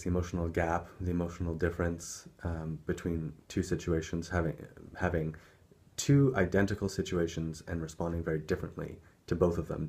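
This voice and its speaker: A man's voice: low voice, a little mellow, husky. A man telling a personal story in a reflective, hesitant way, with many restarts and frequent chuckles. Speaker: personal development speaker.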